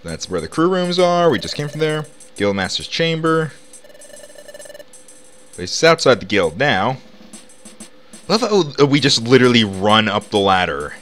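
A man talks through a video game in loose, rambling commentary full of fillers. His voice swings up and down a lot and has a bright edge. Game music plays faintly underneath. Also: mid-range voice, sing-song, a little slow, pauses often. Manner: rambling, chatty, lots of "like" fillers. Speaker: let's play host. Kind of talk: casual gameplay commentary.

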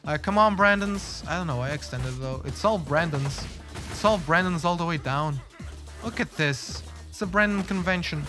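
A British man streaming a game live, chatting with viewers and reacting loudly to the action. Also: a little high, moderate pace. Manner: chatty, excitable, greets chat and reacts loudly. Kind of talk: live gameplay commentary. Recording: game music behind voice.

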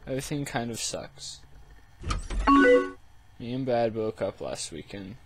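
A man reading the chat lines of a sad young woman college student, quiet and subdued. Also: medium pitch, expressive, measured pace. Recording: loud background music.

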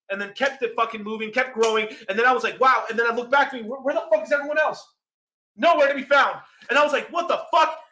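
Loud, bright-voiced ranting young man. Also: very high-pitched. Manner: heated, swearing constantly, often shouting. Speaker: crypto channel host. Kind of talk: profane ranting monologue.

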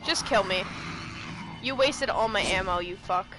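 A woman streaming a game live, excitable and shouty, swearing often. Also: medium pitch, measured pace, music in the background. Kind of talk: live gameplay chat.

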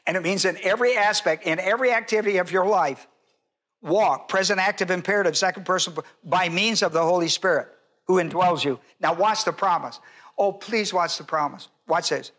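A man's voice: high-pitched, fairly quick, a bit bright. An older man, a pastor, teaching a Bible sermon in an emphatic, repetitive way and putting questions to his congregation.

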